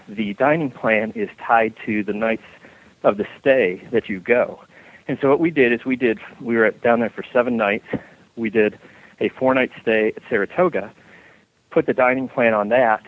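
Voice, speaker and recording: A man's voice: mid-range voice, moderate pace, dry recording. A man from Michigan calls in to a radio show and rambles through a tip, full of hesitant fillers. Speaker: caller. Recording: tinny phone line.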